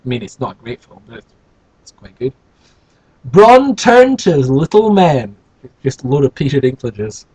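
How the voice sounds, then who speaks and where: A man reads a children's story aloud and keeps stopping to mock the text with dry, rambling asides. His pitch moves a lot, and his voice has a slightly husky edge. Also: very animated, normal speed, a little mellow, low-quality recording. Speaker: host reading a children's book. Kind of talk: storybook reading with comic asides.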